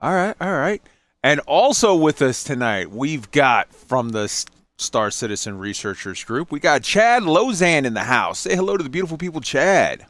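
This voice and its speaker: A man's voice: fairly high pitch, sing-song, moderate pace, fairly bright tone, no echo. A man hosting a casual podcast, loose and joking as he introduces his guests over drinks. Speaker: podcast host. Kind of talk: casual chat.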